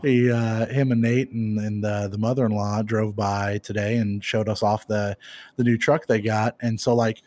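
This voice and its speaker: A man's voice: fairly low pitch, flat delivery, moderate pace, darkish tone, dry recording. A man co-hosting a podcast, rambling and swearing through casual chat and laughing often. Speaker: podcast co-host.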